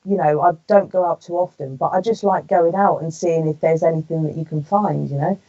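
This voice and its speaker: A woman's voice: low-pitched, fairly even intonation, fairly quick, dark tone, far from the mic, dull audio. A woman co-hosting a live psychic show in a chatty manner, reading out viewer comments. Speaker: psychic co-host. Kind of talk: casual live chat.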